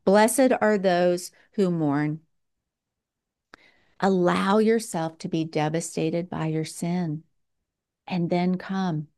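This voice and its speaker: A woman preaching a sermon in a slow, earnest way, with dramatic pauses. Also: fairly low pitch, fairly even intonation, mellow.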